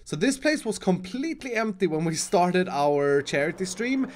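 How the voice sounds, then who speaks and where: A man hosting a casual gaming commentary, giggling often and sounding excitable. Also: sits high, normal speed. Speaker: channel host.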